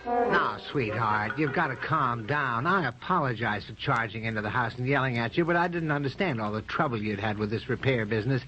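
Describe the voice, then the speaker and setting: Man doing an indignant suburban husband, lively up-and-down voice, dull old radio recording. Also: medium pitch, a little fast, music in the background, natural voice. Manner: indignant, lecturing. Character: blustering middle-aged suburban husband. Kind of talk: 1970s radio comedy acting.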